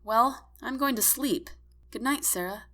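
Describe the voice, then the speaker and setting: A woman's voice: on the high side, unhurried, bright, forceful tone, pitched above the performer's own voice. A woman voicing a drowsy, teasing young woman roommate in an audiobook, mumbling playfully. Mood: friendly.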